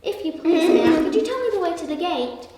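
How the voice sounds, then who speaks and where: A woman's voice: very high voice, expressive, fairly quick, warm tone, slight background noise, voice pushed up. A woman voicing a naughty young boy rabbit in a storybook reading, eager and a little whiny. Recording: echoey hall, far from mic.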